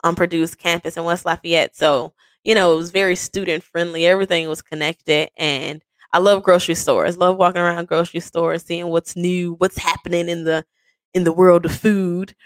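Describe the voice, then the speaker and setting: A woman podcast host telling a personal story in a casual way, animated and often laughing. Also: no room sound. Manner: animated, quick swings into high quoted voices; frequent laughs.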